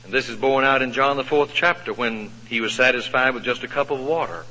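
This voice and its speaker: A male preacher telling a Bible story in a sermon, folksy and expressive, asking the congregation questions. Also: medium pitch, fairly quick. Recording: echoey hall, dull lo-fi sound.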